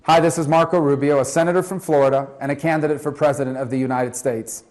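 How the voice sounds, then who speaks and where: Upbeat man with a slightly high voice. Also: fairly even intonation, fast talker, a little mellow. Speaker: senator and presidential candidate. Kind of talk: scripted campaign greeting.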